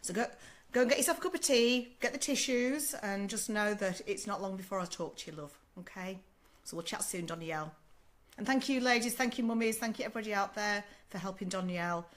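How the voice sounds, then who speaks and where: An older Australian woman talks through a casual live-stream Q&A in a warm, motherly, chatty way. She keeps checking in with "okay?" and calls people "love". Her voice still sounds a little rough as it recovers from a sore throat. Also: medium pitch, brisk. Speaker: sleep consultant answering live questions.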